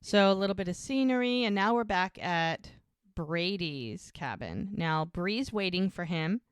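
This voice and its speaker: A woman's voice: fairly low pitch, unhurried, clean tone, no room sound, clean studio sound. A woman co-hosting a podcast, casually recapping a TV episode scene by scene, with many "like"s. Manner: lively retelling of scenes with many "like"s. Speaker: podcast co-host.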